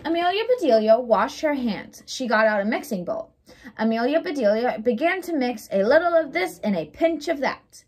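A young woman reading a children's story aloud in an expressive, animated way. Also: a little high, moderate pace. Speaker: storybook reader.

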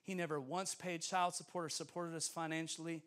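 A man preaching as a guest speaker in a church, telling a story with lively acted-out dialogue. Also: on the high side, a little fast. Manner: animated, acts out dialogue, laughs often. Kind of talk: storytelling sermon. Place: church sanctuary.

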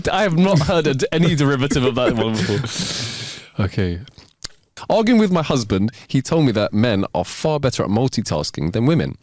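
An animated podcast co-host who reads jokes and breaks into laughter easily. His voice leaps all over the pitch range, recorded close and dry. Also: no room sound. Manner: animated storyteller, quick to laugh. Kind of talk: casual joke-telling chat.

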